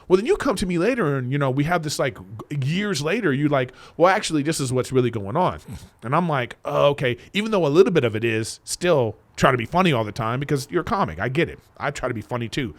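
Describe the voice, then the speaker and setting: A man's voice: a little high, sing-song, fast. A man appearing as a comedian guest on a podcast, talking in casual chat, emphatic and swearing freely.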